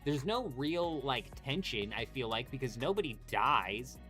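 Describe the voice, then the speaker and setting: A young man hosting a live game stream, chatting casually with viewers, animated and full of swearing. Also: mid-range voice, a little slow, soft background music. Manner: animated, swears a lot, talks to chat by name. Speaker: livestream host.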